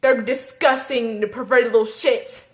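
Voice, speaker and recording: A young woman vlogging a personal story, emotional and halting, tearful and repeating herself. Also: fairly high pitch, steady tone. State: tearful, crying at times.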